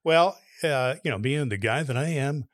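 A man co-hosting a talk show, telling a long joke in a folksy, drawn-out way, now and then shouting the punchlines. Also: mid-range voice, dry recording, studio quality. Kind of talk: casual storytelling.

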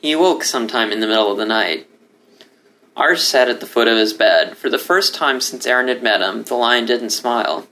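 A man reading a story aloud as narrator, in a steady, expressive way. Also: fairly low pitch, moderate pace. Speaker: story reader. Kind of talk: audiobook narration.

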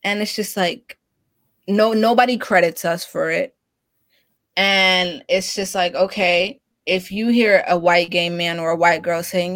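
A woman making her point in a group discussion, frank and emphatic. Her voice sits at a middle pitch, and the sound is dry, with no room echo. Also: unhurried, a bit bright. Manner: frank and emphatic, with quoted asides. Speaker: discussion participant.

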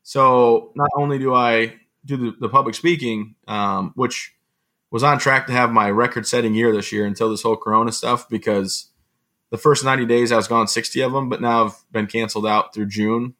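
A man from Michigan, a motivational speaker as guest, telling lively self-mocking stories in a casual way. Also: medium pitch, moderate pace. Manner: lively, self-mocking, often laughing and acting out quotes. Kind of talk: casual anecdotal storytelling.

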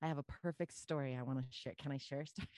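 During a casual podcast chat, a woman guest tells a personal story with animation, repeating phrases for emphasis. Her voice is very deep and her delivery rapid-fire.

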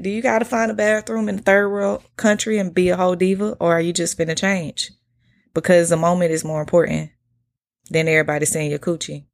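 Young atlanta woman podcasting, lowish fry-heavy voice, chatty and blunt, swears a lot. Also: level tone, brisk. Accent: Atlanta Southern. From United States. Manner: candid, chatty, swears freely, slangy. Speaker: podcast host. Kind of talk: casual solo podcast storytelling.

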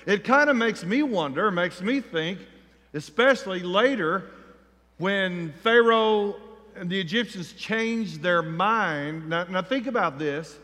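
A man preaching a sermon, telling the story with feeling and acting out the crowd's voices, rising to near shouts. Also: sits high, slow pace. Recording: long reverb of a large hall.

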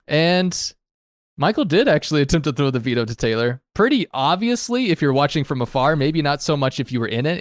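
A man's voice: mid-range voice, no echo. Casting: man, show host, rambling chatty recap talk, dry close sound. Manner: rambling, chatty, laughs often. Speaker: podcast host. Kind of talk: casual recap chat.

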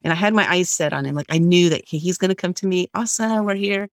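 A middle-aged woman tells a story as an interview guest. She talks in an animated way and puts on the voices of the people she quotes. The sound is dry and close, with no room echo. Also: on the low side, quick pace. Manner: lively storyteller who acts out quoted voices.

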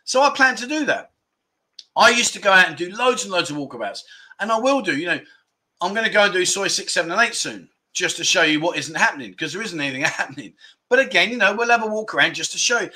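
Reading out viewer comments and chatting, an English livestream host rambles in a self-deprecating way from indoors at home. His voice is high and sharp in tone.

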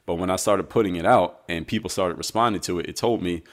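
A man, a guest and basketball coach, telling his story in a measured, reflective way during a conversational interview. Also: deep voice.

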